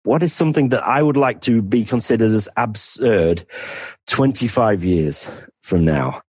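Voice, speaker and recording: In a casual podcast interview, a financial planner from the North of England talks in a fairly low, husky, slightly mellow voice with lively intonation and an unhurried pace. There's no echo, and he's chatty, laughs readily and jokes at his own expense.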